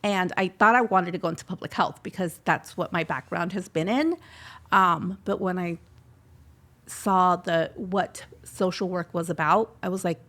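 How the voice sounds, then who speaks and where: A woman's voice: on the low side, moderate pace, fairly bright tone. A middle-aged woman telling her personal story in an interview, heartfelt, slipping Spanish phrases into her English. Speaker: scholarship recipient guest.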